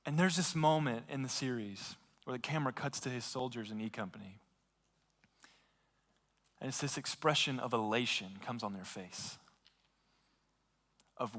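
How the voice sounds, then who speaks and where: A man's voice: medium pitch, moderate pace, long pauses, fairly bright tone. A man preaching a sermon as a pastor, retelling a story casually and with lots of fillers. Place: church sanctuary. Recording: long reverb of a large hall.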